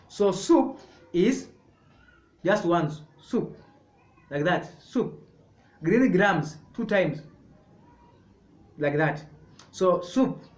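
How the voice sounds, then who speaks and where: A man teaching a sign language lesson, explaining each sign slowly and repeating words step by step. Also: sits high. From Kenya. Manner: slow, repetitive, explaining step by step. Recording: echoey room.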